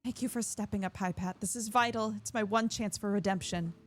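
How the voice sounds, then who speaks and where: A woman's voice: mid-range voice, a little fast, faint music behind, pitched above the performer's own voice, natural voice. A woman voicing an anxious young woman who runs a shelter, reading game dialogue aloud in a fretful, apologetic way.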